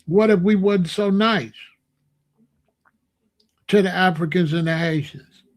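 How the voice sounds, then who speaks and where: A man's voice: high voice, takes it slowly. A man delivering an emphatic, repetitive rant as a monologue, drawing out words for emphasis. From Chicago. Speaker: commentator. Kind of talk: ranting monologue to camera.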